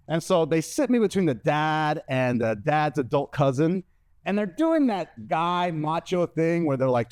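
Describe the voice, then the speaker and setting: A male stand-up comedian tells a long story with brash energy, jumping into other people's voices as he quotes them. His voice sits a little high for a man. The sound is dry and close, from a stage mic. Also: darkish tone, dry recording.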